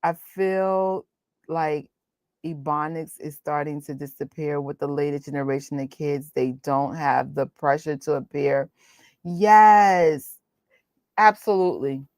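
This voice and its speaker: Woman, New York accent, forties, low voice, dry close sound, animated casual chat. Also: dry recording. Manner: animated, laughs often, talks in quick bursts. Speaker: host.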